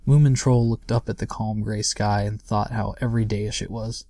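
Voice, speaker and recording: A young man calmly reading a children's book aloud as the show's host. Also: on the low side, normal speed, dry recording, studio quality. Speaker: audiobook reader and host.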